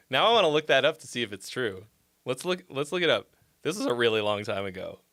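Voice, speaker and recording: A man hosting a live stream, chatting casually with viewers in a rambling, profane, excitable way and answering their comments. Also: mid-range voice, fairly quick. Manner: reads viewer comments aloud and replies. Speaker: livestream host giving song critiques.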